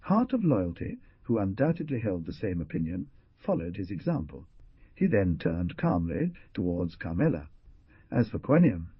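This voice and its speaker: A man's voice: low-pitched, sing-song, moderate pace, husky, dry recording, lo-fi sound. A man narrating an adventure novel audiobook with dramatic, swooping emphasis.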